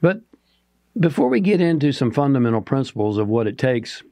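A man's voice: medium pitch, sing-song, brisk, warm tone, dry recording. A man co-hosting a motivational talk show, speaking earnestly and asking the listener rhetorical questions. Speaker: podcast co-host.

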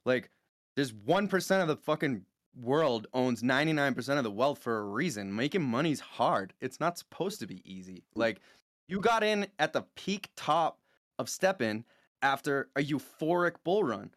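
A man's voice: medium pitch, expressive, normal speed, no echo, studio quality. A man, a podcast guest, ranting bluntly and swearing freely in casual chat. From Boston area, USA.

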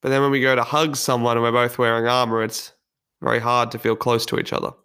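A man delivering a personal development talk as a solo motivational monologue. He speaks earnestly and candidly, in a reflective tone. His voice sits at an ordinary middle pitch for a man. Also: little pitch movement, fast talker, sharp tone, clean tone.

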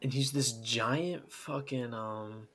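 Gravelly man chatting about a game. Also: mid-range voice, slow pace, a bit bright. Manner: rambling, laughing storyteller. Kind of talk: casual game discussion.

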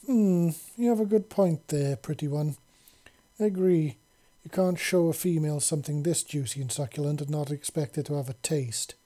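A male storyteller does a fierce feathered creature woman who teases and bosses her captive in a mellow, breathy voice pushed up higher than his own. She switches easily between sultry purring and firm warnings, in the manner of a read-aloud storybook. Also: normal speed, natural voice. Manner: playful, sultry, bossy. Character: fierce female feathered creature, teasing and commanding.

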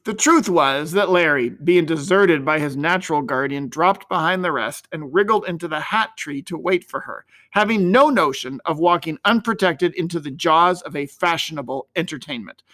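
A man narrating an old-fashioned storybook with a high voice. His delivery is expressive and gently dramatic, and his tone is clear and bright. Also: moderate pace, few pauses.

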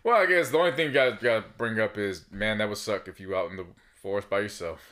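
Bright-voiced man teasing dryly. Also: lowish voice, quick pace. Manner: dry teasing, laid-back jokes. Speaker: podcast co-host. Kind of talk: casual chat.

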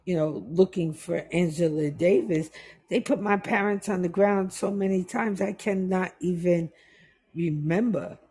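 A middle-aged woman from the West Indies tells stories from her past in unhurried, easygoing chat. Her voice is soft and breathy, and she slows down to let each story land. She breaks into the voices of the people in her tales, acting out what they said. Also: fairly low pitch.

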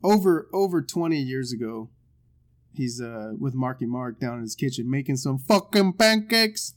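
A man's voice: mid-range voice, expressive, normal speed. A man hosting a casual reaction video, talking loosely and profanely and laughing often.

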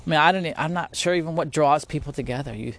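A fast-talking podcast host with a higher, fairly bright voice chats earnestly and casually about faith. He rambles, restarts, and laughs a lot, and he's at home near spiders.

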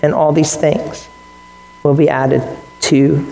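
Man, pastor mid-sermon; animated, quips to the room, voices his examples; echoey hall with a long tail. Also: a little high, slow, vocal fry, soft background music. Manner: animated, joking asides, acts out quoted voices. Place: church sanctuary with congregation.

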